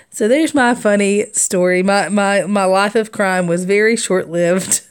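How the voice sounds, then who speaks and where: Stitching on a craft livestream, a young woman tells meandering stories, laughing often and using plenty of fillers. She talks slowly in a clean, mid-range voice.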